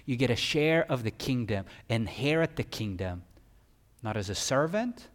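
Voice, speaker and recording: Emphatic preacher in a reverberant hall. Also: male voice, medium pitch, expressive, moderate pace. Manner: emphatic, swings from loud peaks to quiet. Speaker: pastor. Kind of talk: sermon.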